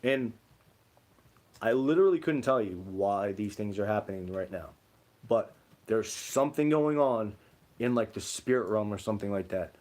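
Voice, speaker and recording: A man's voice: lowish voice, animated, normal speed, a little mellow. Rambling man chatting on a livestream. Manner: rambling storytelling, many "like" fillers. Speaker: livestream co-host. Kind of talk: casual livestream chat reading comments.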